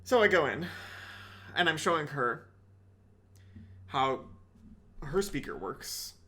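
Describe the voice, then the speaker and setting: A man telling a comedic story in an animated, digressive and sardonic way. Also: on the high side, takes it slowly. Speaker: podcast comedian.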